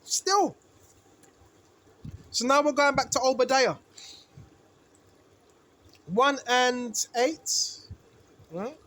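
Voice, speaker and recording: A man's voice: extremely slow, pauses often, fairly bright tone, no echo. A man teaching from the Bible in a sermon, asking rhetorical questions and often tagging lines with "right?". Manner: preachy, asks rhetorical questions, repeats "right?"; rises in pitch and volume when emphatic. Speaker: street preacher.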